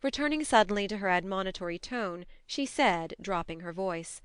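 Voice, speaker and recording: Brief: audiobook narrator, woman, measured and expressive, resonant tone. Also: medium pitch, smooth, no echo, studio quality. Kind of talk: scripted narration.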